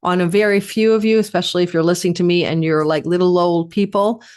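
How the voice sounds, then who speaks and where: Woman astrologer, lowish voice, chatty, rambling lists, forecast monologue. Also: fairly even intonation, fast, a little mellow, clean tone. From Canada. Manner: chatty, piles up lists of words with frequent asides.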